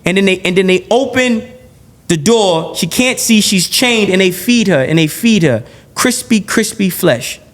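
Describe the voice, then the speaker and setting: As a guest in a heated podcast interview, a man with a very high-pitched voice talks in an animated rush, repeating and stacking phrases, restarting sentences, and cursing bluntly, though his pace is measured. His manner is blunt and profane.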